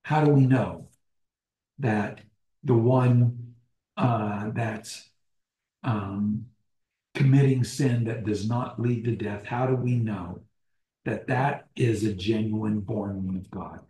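A man teaching a small-group Bible study, deliberate, restating phrases and posing questions to the group. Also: fairly low pitch, mellow. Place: church meeting room. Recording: roomy echo.

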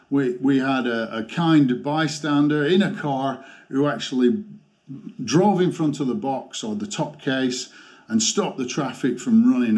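A man talks through a motorcycle gear review. He rants with exasperation and stops to restart his sentences. His voice sits at an ordinary middle pitch. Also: darkish tone. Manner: exasperated ranting, halting restarts. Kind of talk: product review vlog.

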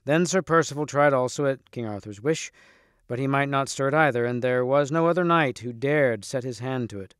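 Man reading a storybook, smooth. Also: mid-range voice, brisk, a bit bright, dry recording, clean studio sound. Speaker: reader. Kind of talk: storybook read-aloud.

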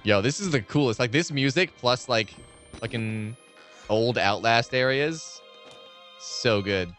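A man streams a horror game live and chats loosely with his viewers. He rambles and swears freely in a lively, up-and-down voice of middle pitch, with faint game music underneath. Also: slow pace. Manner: rambling, profane, chatting with viewers.

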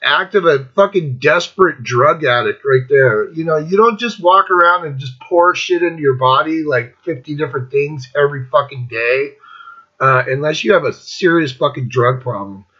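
A man's voice: on the high side, normal speed, sharp tone, husky, lo-fi sound. A man in his fifties hosting a casual rant, blunt and profane, rambling between thoughts. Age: 50s. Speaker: host.

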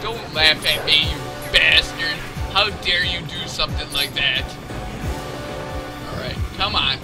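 A man giving jokey let's play commentary over a video game, bursting into loud shouts now and then. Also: on the high side, unhurried. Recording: game music behind the voice. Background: video game music.

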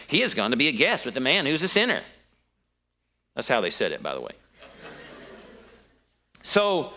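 A man preaches a sermon, telling the story with lively energy and leaping up in pitch when something surprises him. His voice is bright and a little high for a man. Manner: animated storytelling with sudden high-pitched exclamations.

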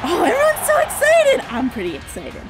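A woman's voice: very high-pitched, wildly swooping pitch, brisk, full character voice. A woman voicing a cheerful little mouse girl hosting a kids' game let's play, gushing and gasping with delight. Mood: excited. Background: game music.

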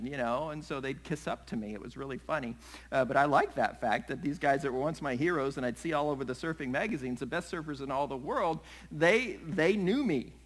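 Middle-aged male pastor, mid-pitch voice, lively sermon delivery that slips into acted-out voices. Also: poor audio. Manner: animated, acts out scenes with voices and laughs.

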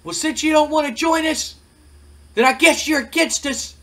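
A man voicing a loud, taunting male wrestling manager who rants and mocks in a shrill, raised voice. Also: moderate pace. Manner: shrill, ranting, mocking.

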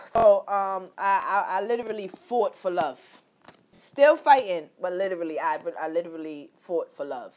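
A woman's voice: deep voice, darkish tone. A woman telling a personal story straight to her viewers, loose, emphatic and heavy on swearing. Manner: loose, profane, emphatic, addresses viewers directly. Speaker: vlogger.

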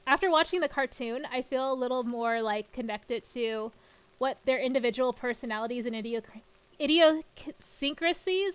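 A woman's voice: a little high, a bit bright. A woman chatting casually on a live game stream, giggling often while she reads chat messages and story text aloud. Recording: game music behind the voice.

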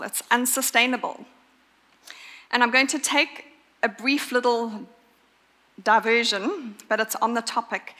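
A woman preaching a sermon in an earnest, emphatic way, pausing to stress her points. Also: fairly high pitch, pushed and bright. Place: church. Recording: long church reverb.

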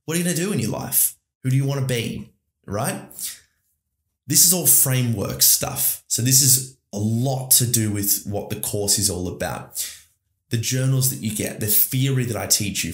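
A man with an Australian accent hosting a podcast, talking in an enthusiastic, rambling motivational monologue to his listeners. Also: fairly low pitch. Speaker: podcast host. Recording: roomy echo.

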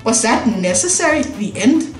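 A woman's voice: fairly high pitch, big pitch swings, normal speed. A woman doing let's play commentary, reading game text aloud, giggly and swearing in disbelief. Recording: echoey room with music behind.

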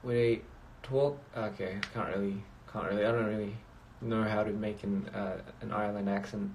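A man with a fairly low, mellow voice talks at a moderate pace with little pitch movement over slight background noise. He's a livestream host chatting casually on a phone stream, rambling along and reading out viewer comments.

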